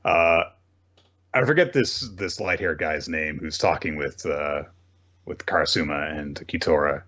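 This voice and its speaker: A man's voice: a bass voice, unhurried, a bit bright, lo-fi sound. A man co-hosting a podcast, recapping manga plot in casual chat, with frequent swearing and asides. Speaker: podcast co-host.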